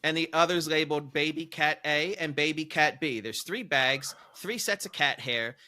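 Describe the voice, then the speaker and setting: A man casually telling a long story on a podcast, animated and profane, his voice jumping high when he's incredulous. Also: normal speed. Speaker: podcast co-host.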